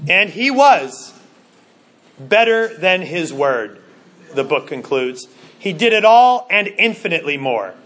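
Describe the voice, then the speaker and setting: High-pitched guy preaching, earnest, keeps restarting words. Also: sing-song, a bit bright. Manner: earnest, stumbling restarts, slows for emphasis. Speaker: pastor. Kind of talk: sermon.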